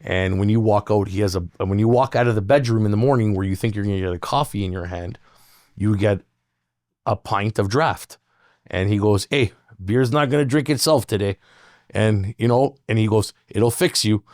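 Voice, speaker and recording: Low-voiced guy rambling thru stories, swears a lot, dry close mic. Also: moderate pace, a little mellow, dry recording. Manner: rambling storyteller, swears a lot, laughs often. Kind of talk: casual chat.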